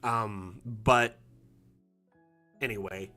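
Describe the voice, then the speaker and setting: A man's voice: fairly low pitch, steady tone, drawn-out words, pushed and bright, soft background music. A middle-aged man chatting casually on a live stream, with many fillers and restarts. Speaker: community manager streaming a map build.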